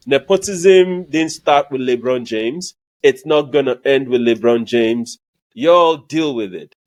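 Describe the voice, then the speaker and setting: A man's voice: mid-range voice, expressive, slow pace. A man co-hosting a sports podcast, talking casually with many ums and easy laughter. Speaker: podcast co-host.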